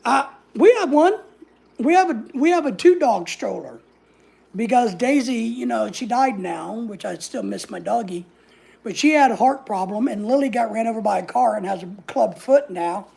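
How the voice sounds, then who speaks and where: A woman's voice: a little high, lively intonation, moderate pace, creaky, a little mellow, breathy edge. A woman, telling a story in a casual vlog, sassy and blunt, swearing freely. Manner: sassy, blunt, swears freely, acts out other people's lines. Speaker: vlogger.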